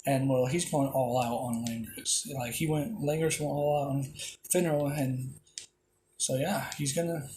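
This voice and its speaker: A man's voice: medium pitch, fairly even intonation, measured pace, a little mellow, slight background noise. A young man improvising a fan story in a rambling, casual way, full of fillers and swearing.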